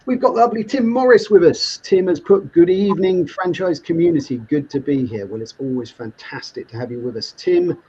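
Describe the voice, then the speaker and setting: Man, live-show host, husky, dull lo-fi audio, reads comments, laughs a lot. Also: a little high, fairly quick, few pauses, dark tone. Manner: reads viewer comments aloud, laughs often. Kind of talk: upbeat live show chat. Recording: muffled lo-fi online stream audio.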